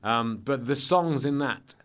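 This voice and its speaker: A man's voice: mid-range voice, takes it slowly. Rambling man chatting as a guest. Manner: rambling, self-interrupting, animated. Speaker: guest comedian. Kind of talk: casual podcast chat.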